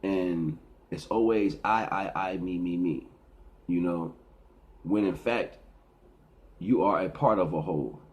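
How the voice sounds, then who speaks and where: A man's voice: sits low, takes it slowly, pauses often, darkish tone, lo-fi sound. A middle-aged man speaking in a rambling, preachy casual monologue, often repeating and restarting his words. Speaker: vlogger.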